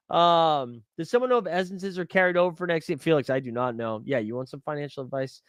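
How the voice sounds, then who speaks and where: A man's voice: on the high side, animated, a little fast, a bit bright, clear, resonant tone, dry recording, studio quality. A young man hosting a live stream, rambling casually and joking with his chat as he searches for something. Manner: rambling, jokey, talks to chat while searching. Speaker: livestream host.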